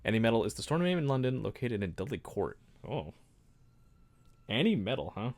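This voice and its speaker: A man's voice: medium pitch, sing-song, a little fast, darkish tone. Rambling man chatting on a livestream. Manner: rambling, self-mocking, laughs often. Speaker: livestream host building a model kit. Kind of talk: casual livestream chat.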